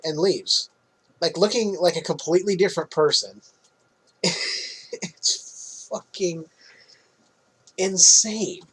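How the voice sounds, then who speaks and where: With a high, slightly bright, husky voice, a man hosts a podcast recapping a movie in casual conversation. He keeps a measured pace with frequent pauses, swears freely, and laughs often at his own jokes, all on a rough recording.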